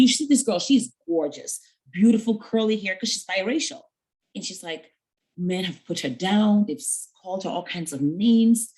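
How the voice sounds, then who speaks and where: Speaking in a fairly low, darkish voice, a woman gives an earnest mentoring talk to young women, conversational and full of stories with quoted dialogue and fillers. The recording is low quality.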